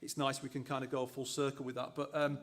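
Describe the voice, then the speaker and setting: A man's voice: mid-range voice, level tone, fast, a bit bright. A man co-hosting a live university show, chatty and loose, with lots of fillers and restarts. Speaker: co-host, associate dean.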